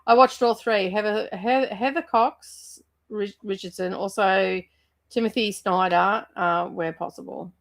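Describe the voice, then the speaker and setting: A woman's voice: medium pitch, fairly even intonation, measured pace, creaky. An Australian woman co-hosting a livestream, chatting casually with lots of fillers and the odd swear word. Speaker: co-host of a livestream. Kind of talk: casual chat.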